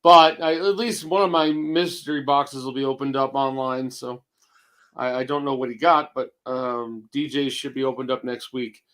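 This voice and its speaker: A man in his fifties co-hosting a casual chat, gruff and rambling, with restarts and swearing. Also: mid-range voice, level tone, normal speed, a bit bright. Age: 50s. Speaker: co-host.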